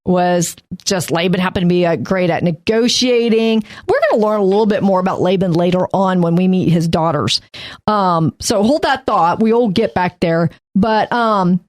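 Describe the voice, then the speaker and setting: A woman's voice: lowish voice, normal speed, darkish tone. A woman with a Texas accent, co-hosting a Bible study podcast in a rambling, self-deprecating way. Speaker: podcast co-host. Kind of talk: casual Bible study chat.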